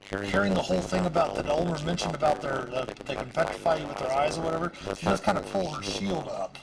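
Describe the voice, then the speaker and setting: A man's voice: on the high side, lively intonation, fast, creaky, a loud crowd, rough recording. A man narrating as game master in casual, filler-heavy speech. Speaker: dungeon master.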